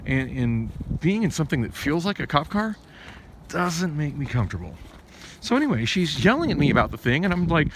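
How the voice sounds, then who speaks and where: Man, casual storytelling rant, restless lively voice, noisy recording. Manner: rambling, many restarts and fillers, rising pitch when agitated. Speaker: vlogger. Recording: noisy background.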